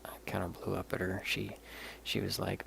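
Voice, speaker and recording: A man with a low, heavily gravelly voice talks on a live stream. His chat is rambling, candid and laid-back, with the odd curse word, and a faint hiss sits behind him. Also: completely flat delivery, moderate pace, a bit bright. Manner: rambling and candid, swears casually. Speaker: livestream host showing stones.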